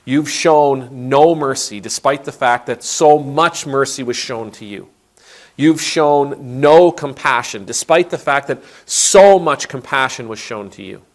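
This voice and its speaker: A man's voice: on the low side, brisk, fairly bright tone. A man voicing a stern wealthy master who demands his money back, retelling a parable. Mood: indignant. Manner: demanding, then stern and indignant.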